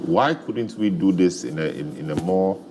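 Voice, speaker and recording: A male host with an extremely deep voice, putting probing questions to a guest in a halting, restarting way. The broadcast audio carries a clear layer of noise. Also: expressive. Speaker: TV talk show host. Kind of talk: studio political discussion. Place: TV studio. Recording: noisy studio broadcast audio.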